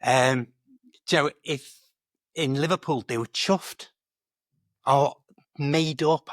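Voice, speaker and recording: A man who coaches English, chatting in a lively, animated way about British expressions, laughing easily and often saying "do you know". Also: a little high, slow, pauses often, dry recording, clean studio sound.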